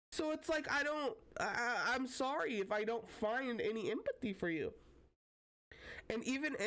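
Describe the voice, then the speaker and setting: A young woman giving casual reaction commentary as host, emphatic and blunt, swearing casually. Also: mid-range voice.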